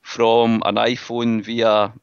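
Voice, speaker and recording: A man's voice: mid-range voice, monotone, takes it slowly, clear, resonant tone, dry recording, highs cut off. A Scottish man hosting a podcast, chatting casually and joking with his co-hosts. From Scotland. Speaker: podcast host. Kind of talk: casual chat.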